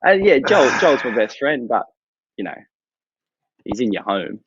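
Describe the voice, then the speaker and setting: A man's voice: mid-range voice, sing-song, unhurried, fairly bright tone, breathy edge, no echo, highs cut off. A young man, a lifeguard guest, chatting casually, laid-back and joking with frequent laughs. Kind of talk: casual interview chat.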